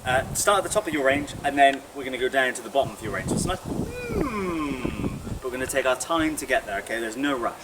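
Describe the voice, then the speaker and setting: A young man leading a guided vocal warm-up, chatty and encouraging. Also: medium pitch, very fast. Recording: distant mic with audible noise.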